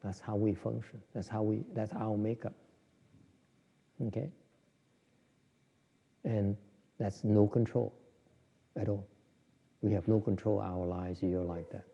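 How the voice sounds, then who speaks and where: A man's voice: fairly low pitch, flat delivery, a little slow, creaky, long pauses, warm tone, breathy edge. A man giving an informal, joking dharma talk on meditation, with many restarts. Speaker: Buddhist meditation teacher. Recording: dull lo-fi recording in a reverberant hall.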